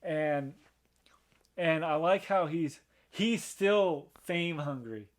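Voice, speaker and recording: A man's voice: a little high, slow. Rambling man co-hosting a film podcast. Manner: rambling, many restarts and fillers. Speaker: podcast co-host. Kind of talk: casual movie review chat.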